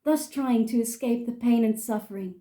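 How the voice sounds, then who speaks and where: A woman voicing a gloomy male prisoner reciting verse in an English accent; slow, mock-solemn, mellow tone. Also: a little high, pitched above the performer's own voice, natural voice.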